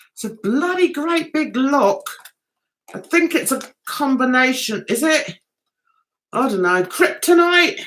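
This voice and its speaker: Giggly, lively woman vlogger. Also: fairly high pitch. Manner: rambling and giggly, chatting directly to viewers. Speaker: vlogger hosting a livestream. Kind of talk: casual livestream chat.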